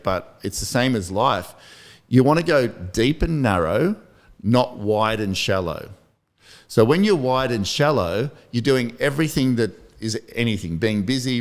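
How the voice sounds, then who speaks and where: A man, hosting a casual motivational podcast and telling rambling, self-deprecating stories. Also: mid-range voice. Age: 50s. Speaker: podcast host.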